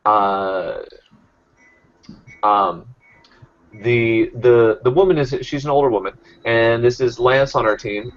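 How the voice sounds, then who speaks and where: A man's voice: mid-range voice, muffled recording. A man leading a real estate sales training, coaching the team with many fillers and restarts.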